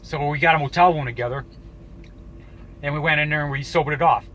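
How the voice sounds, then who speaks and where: Bright-voiced man telling a story, swearing freely. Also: fairly high pitch, highs cut off, slight background noise. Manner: profane, halting, with frequent restarts. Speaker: YouTuber. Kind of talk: casual storytelling to camera.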